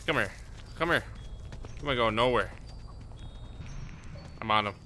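Excitable man narrating his gameplay. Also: medium pitch, measured pace, a little hiss or hum. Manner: excitable, jokey, talks to viewers, puts on silly voices. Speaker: gaming YouTuber. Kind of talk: casual gameplay commentary.

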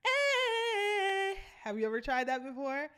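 A woman's voice: mid-range voice, expressive, normal speed. A woman vocal coach, teaching vocal runs and singing short demonstrations between explanations. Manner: enthusiastic, breaks into sung demonstrations.

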